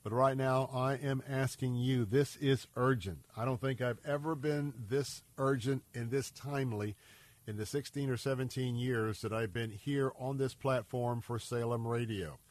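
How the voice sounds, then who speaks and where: A man's voice: medium pitch, steady tone, moderate pace, dry recording. Male radio host pleading for donations, earnest and urgent, a bit congested and scratchy, dry studio mic. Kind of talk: radio fundraising appeal.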